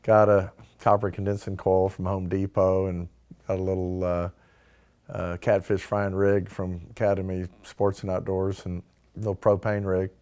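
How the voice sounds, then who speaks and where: A man's voice: deep voice, level tone, normal speed, a little mellow. A man in a casual interview, telling how he founded a distillery, full of "like" and "you know" and acting out what other people said. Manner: acts out quoted dialogue, fillers like "like" and "you know". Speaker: distillery founder telling his start-up story.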